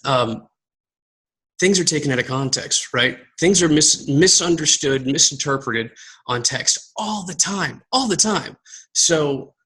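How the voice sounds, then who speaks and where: A man from Southern Texas giving a casual motivational talk to his team, energetic and rambling, repeating words and calling his viewers guys. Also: a little high, measured pace, breathy edge, poor audio. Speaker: team coach giving a live video talk.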